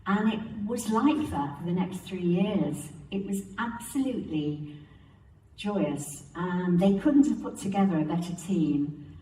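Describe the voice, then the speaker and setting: An older woman actress from England, telling warm theatre stories in an interview, acting out quotes and laughing often. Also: lowish voice, a little slow, far from the mic. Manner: animated storyteller, acts out quotes and laughs often. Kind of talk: relaxed anecdotal interview. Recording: roomy, off-mic, faint background hiss.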